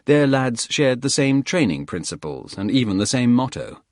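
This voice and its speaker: A man narrating a thriller audiobook in a steady, plain storytelling manner. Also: medium pitch, moderate pace, no room sound, studio quality.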